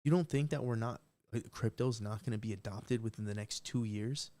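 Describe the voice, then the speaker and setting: A man's voice: fairly low pitch, fairly quick, dark tone. Profane rambling man on a live stream. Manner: profane, rambling, emphatic with repeated restarts. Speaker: livestream host. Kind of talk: unscripted live stream rant.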